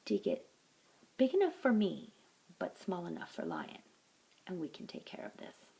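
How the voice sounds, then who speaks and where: A woman voicing a clever, calm male mongoose in a read-aloud folktale, speaking in a knowing, soothing way. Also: on the low side, moderate pace, gravelly, a little hiss or hum, exaggerated voice, rough recording. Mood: reassuring.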